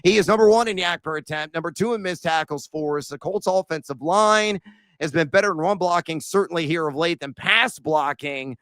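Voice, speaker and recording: A man hosting a sports betting podcast, animated and self-mocking, bursting into shouts as he runs through his picks. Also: a little high, brisk, no echo. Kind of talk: excitable betting picks chat.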